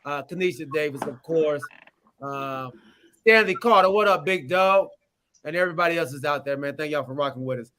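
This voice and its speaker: A man's voice: fairly high pitch, a little fast, sharp tone, slight background noise. A man hosting a casual sports talk show, greeting viewers by name in loose slang. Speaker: host.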